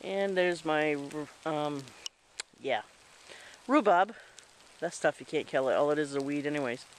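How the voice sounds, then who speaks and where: High-voiced man rambling through his garden. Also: a little slow, slight background noise, rough recording. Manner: rambling, chatty. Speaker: vlogger. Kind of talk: casual garden walk-through. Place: outdoor garden in light rain. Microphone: handheld camera mic.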